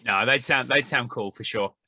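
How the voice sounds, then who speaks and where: An English man co-hosting a fitness podcast, relaxed and agreeable in his replies. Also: medium pitch, normal speed, slight background noise. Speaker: podcast co-host.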